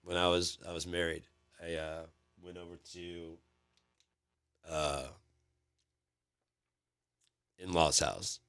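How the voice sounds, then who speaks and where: Casual male host, very low voice, dry close sound, loose profane rambling. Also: bright, forceful tone, no echo. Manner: profane, rambling, lots of fillers and repeats. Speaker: channel host.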